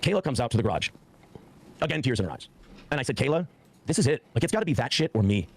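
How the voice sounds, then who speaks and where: A man's voice: mid-range voice, very animated, fast talker. A man in his forties telling a heated personal story on a podcast, swearing often and acting out what others said. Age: 40s. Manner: profane, heated, acts out quoted speech.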